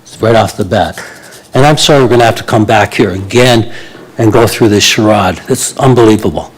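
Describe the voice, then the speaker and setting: A man's voice: lowish voice, fairly quick, breathy edge, poor audio. Older man in his eighties, blunt. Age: 80s. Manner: blunt, indignant, with frequent uh fillers. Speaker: resident speaking at a public meeting. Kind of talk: public delegation to council.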